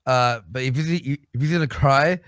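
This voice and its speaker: A man's voice: medium pitch, normal speed, fairly bright tone, no echo, studio quality. A man co-hosting a livestream talk show, crude and blunt, defending himself. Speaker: co-host.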